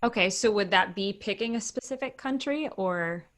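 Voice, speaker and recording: A woman's voice: medium pitch, normal speed, fairly bright tone. A woman hosting an interview on a video call, giving short affirmations and reading out viewer questions. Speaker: host.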